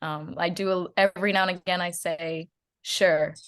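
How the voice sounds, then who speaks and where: A woman's voice: fairly low pitch, fairly even intonation, a little fast, fairly bright tone. Chatty Australian woman in her twenties. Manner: chatty, laughs often. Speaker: guest actress. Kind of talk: casual interview chat.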